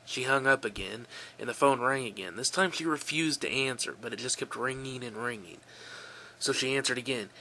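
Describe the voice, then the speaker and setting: A man reading a creepy story aloud in a relaxed, offhand way, correcting his own slips. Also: medium pitch, a little fast, slight background noise.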